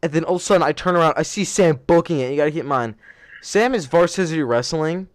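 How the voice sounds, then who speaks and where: A young man hosts a podcast in a casual storytelling chat, rambling, correcting himself, and laughing as he goes. His voice is a little high and quick, recorded dry with clean studio sound.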